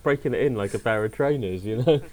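A young man with a lowish voice co-hosts a podcast, rambling through wry jokes with plenty of restarts. He was raised between Wales and southwest England. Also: fast, darkish tone. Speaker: podcast co-host. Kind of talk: casual chat.

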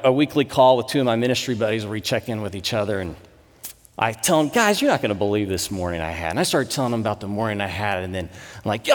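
A man in his thirties, a pastor, giving a sermon with conversational, animated storytelling. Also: mid-range voice. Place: church sanctuary. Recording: long reverb in a church hall.

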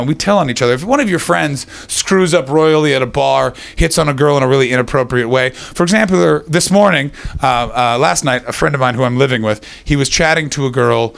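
A man's voice: mid-range voice, vocal fry, a bit bright. A man telling loose, swearing comedy stories and working the crowd before a live audience. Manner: loose storytelling, crowd work, frequent swearing. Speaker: stand-up comedian and podcast host.

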